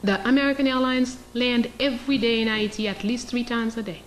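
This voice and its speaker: A woman's voice: on the high side, steady tone, fairly quick, slight background noise, low-quality recording. A woman giving an impassioned public lecture, emphatic, acting out scenes and asking rhetorical questions. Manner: emphatic, role-plays scenarios, rhetorical questions.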